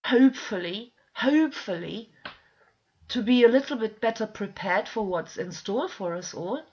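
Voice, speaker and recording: High-voiced woman ranting, dull lo-fi audio. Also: lively intonation, moderate pace, breathy edge. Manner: frustrated, pleading, swears often. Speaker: video blogger. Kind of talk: impassioned ranting monologue. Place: at home with dogs nearby. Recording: dull lo-fi recording.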